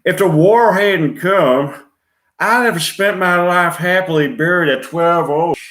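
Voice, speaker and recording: A man putting on an American Southern accent to play a wistful Southern gentleman, in a slow drawl. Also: high voice, voice pushed up. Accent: attempted American Southern. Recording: roomy echo from off-mic.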